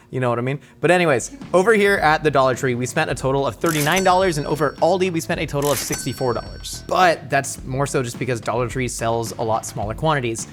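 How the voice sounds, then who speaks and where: Jokey guy hosting a cooking vid, excitable, mid pitch, a little music under him. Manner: excitable, playful, with sudden leaps up in pitch. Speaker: cooking show host. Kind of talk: casual, jokey cooking show presenting.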